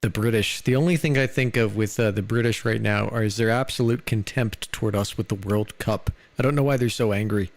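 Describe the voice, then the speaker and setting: A man's voice: on the low side, brisk, hardly any pauses, dry recording. An American man chatting casually on a live stream, loose and rambling, full of "dude" and "like".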